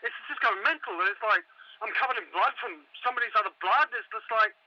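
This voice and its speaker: A frantic man, played by an actor, stammers and swears down a phone line into a radio show, trapped in a mall. His voice sits high and bone-dry. The call sounds muffled and narrow. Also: fast, sharp tone, no echo. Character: panicked British male tourist trapped in a mall. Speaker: caller.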